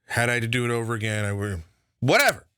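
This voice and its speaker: A man putting on a clumsy older male politician giving a halting, rambling apology. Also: medium pitch, expressive, pushed and bright, smooth, no echo, studio quality, voice pushed down. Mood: mock apologetic.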